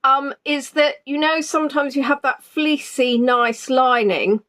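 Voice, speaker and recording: Speaking unhurriedly in a high, slightly bright voice, a woman makes casual pre-tour conversation on a live stream from her spare room at home. She welcomes viewers by name, with plenty of ums.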